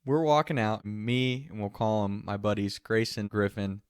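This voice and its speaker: A man's voice: fairly low pitch, moderate pace, clear, resonant tone, no room sound, studio quality. A young man telling a funny story from his teens in a casual way, often laughing as he goes. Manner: laughs through the telling, animated. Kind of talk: casual anecdote.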